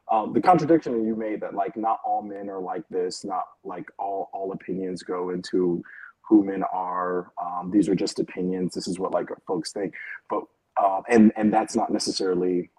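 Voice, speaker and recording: A man with a low, husky voice talks from home over a video call in a casual panel discussion. He hedges and restarts often, circling back to his points. The sound is close and dry. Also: dark tone, no echo, low-quality recording. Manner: hesitant, many fillers and restarts, laughs between points. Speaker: panel guest.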